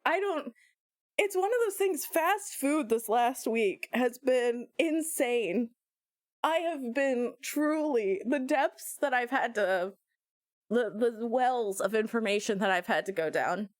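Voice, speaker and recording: Lively higher-pitched woman streamer rambling and joking, dry close sound. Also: takes it slowly, no room sound. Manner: animated, jokey, sudden squeals and laughs. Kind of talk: casual live-stream chat.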